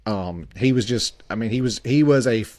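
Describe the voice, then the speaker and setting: A man in his forties, a podcast co-host, telling a story in a halting way with many fillers and restarts. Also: medium pitch, a little mellow, no echo.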